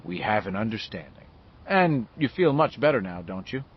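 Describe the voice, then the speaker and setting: A man's voice: fairly low pitch, sing-song, dull audio, slight background noise. A man doing a dry, smug old pharmacist. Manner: measured, lecturing, quietly sharp. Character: smug older male pharmacist, dry and controlling.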